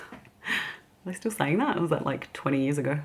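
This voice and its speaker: A woman's voice: deep voice, animated, normal speed. An Australian woman chatting casually as a beauty vlogger while doing her makeup, giggling often. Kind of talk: casual get-ready-with-me chat.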